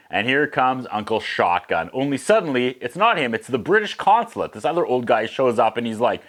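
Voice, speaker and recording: A man hosting a one-take movie recap in a loose, casual way. He mixes in sarcastic, profane jokes and puts on quick voices for the characters. His pitch sits right in the middle for a man. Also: animated, fairly bright tone. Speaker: host.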